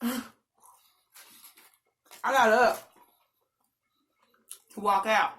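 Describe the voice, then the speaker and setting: A woman vlogger telling a story in a loud, animated, dramatic way. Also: a little high, drawn-out words. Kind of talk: casual storytelling.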